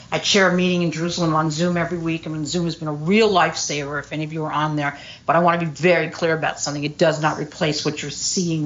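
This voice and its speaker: A woman's voice: low voice, dull audio, slight background noise. A middle-aged woman speaking at a recovery meeting, telling her story candidly with lots of fillers. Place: meeting room.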